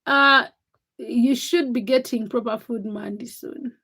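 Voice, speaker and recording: A woman's voice: a little high, fairly even intonation, a little slow, pushed and bright, husky. A tired young woman hosting a late-night livestream, teasing and chatting with viewers as she reads their comments by name. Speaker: livestream host.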